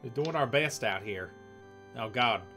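A man's voice: medium pitch, animated, unhurried, sharp tone, soft background music. A man joking and laughing through casual game commentary while streaming with friends. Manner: giggly, joking, reads NPC lines aloud. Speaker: let's-play streamer.

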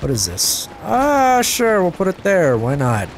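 A young man giving casual, self-mocking commentary over his gameplay, his voice jumping high when things go wrong. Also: huge pitch swings, a little slow. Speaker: gaming channel host. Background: game music and gunfire.

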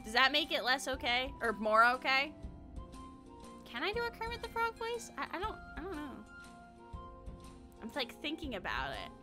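A woman's voice: high-pitched, huge pitch swings, normal speed, long pauses, music in the background. A woman VTuber streaming a game, chatting crudely with lots of giggles and reading text aloud. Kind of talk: casual livestream chat with reading aloud.

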